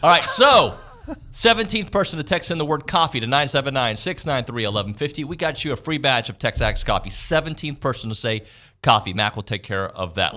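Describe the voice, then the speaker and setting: A man hosting a sports radio show, bantering and joking in a quick, animated way. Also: mid-range voice. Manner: fast, joking, animated delivery. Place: radio studio.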